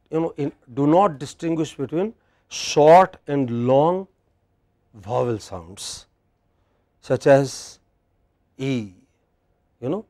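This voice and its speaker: A man's voice: fairly high pitch, dark tone. A man with an Indian English accent giving a classroom lecture on pronunciation, patiently asking his students questions and modelling words for them. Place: university classroom.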